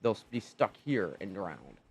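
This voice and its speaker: A man's voice: low voice, sing-song, moderate pace, breathy edge. Exasperated young man ranting over gameplay. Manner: exasperated, swearing, incredulous. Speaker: gaming channel host. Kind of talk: gameplay commentary.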